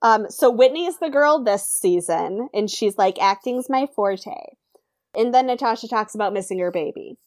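A woman recaps a show in a casual chat and sums up events in a dry, matter-of-fact way. Her pitch is a touch high. The sound is dry and close, with no room echo. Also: animated, normal speed, hardly any pauses, darkish tone. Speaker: podcast co-host.

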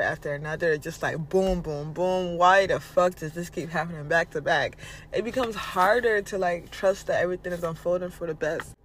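Blunt high-voiced man giving spiritual advice. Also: fairly bright tone, a little hiss or hum. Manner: blunt, casual, swears freely. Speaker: podcast host. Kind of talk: spiritual motivational monologue.

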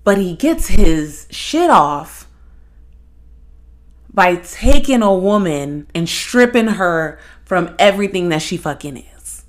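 A young woman hosting a podcast, talking in a blunt, profane, animated monologue. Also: fairly low pitch, takes it slowly. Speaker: podcast host. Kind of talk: casual monologue.

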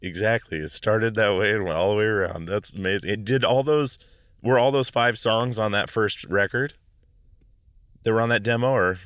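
Low-voiced laid-back podcast host. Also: male voice, normal speed, a bit bright, no room sound, studio quality. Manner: brief backchannel, laid-back questions. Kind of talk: casual interview.

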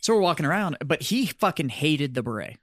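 A man's voice: a little high, very animated, brisk, fairly bright tone, dry recording, clean studio sound. A man hosting a podcast, telling a profane, rambling story about his army basic training. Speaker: podcast host, army veteran.

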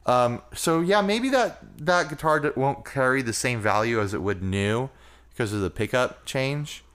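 Man with a lively, bouncing voice. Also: medium pitch, normal speed, clear, resonant tone. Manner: loose, rambling, jokey. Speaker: podcast co-host. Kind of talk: casual chat.

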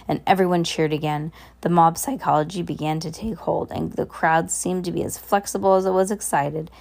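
A woman reading a children's novel aloud as an amateur audiobook, halting at times and going back over words, with lifted voices for the characters. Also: creaky, darkish tone. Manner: halting, with restarts and asides; raises pitch for dialogue voices. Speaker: reader.

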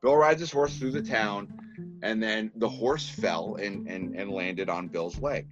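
A man from Massachusetts with a Boston accent, a filmmaker telling rambling, animated stories with many restarts in a casual interview. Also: lowish voice, a little slow, lo-fi sound, over music. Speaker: filmmaker guest.

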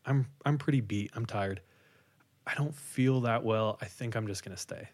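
A man's voice: fairly low pitch, normal speed. A man quoting a tired, uneasy young woman who talks hesitantly and stammers as she restarts.

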